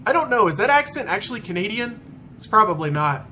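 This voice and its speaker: A man's voice: high-pitched, very animated, fast, pushed and bright, slight background noise. A man chatting casually over gameplay with joking, self-questioning asides. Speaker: gameplay commentator.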